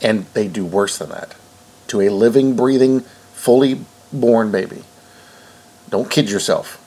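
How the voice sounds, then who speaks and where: A man's voice: on the low side, a little slow, mellow, slightly rough. A man reading news stories aloud and breaking off to rebut them in an indignant, preachy way. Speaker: online commentator.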